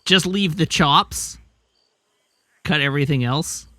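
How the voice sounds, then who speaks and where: A man's voice: fairly high pitch, slow, sharp tone, dry recording. A man streamer giving casual gameplay commentary with wry, self-amused asides. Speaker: let's play streamer.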